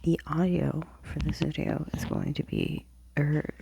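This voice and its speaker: In a hushed whisper with vocal fry, a young adult reviews planners from a home office before sunrise, rambling and using fillers. The mid-range voice stays steady and measured, picked up by a close, plugged-in mic.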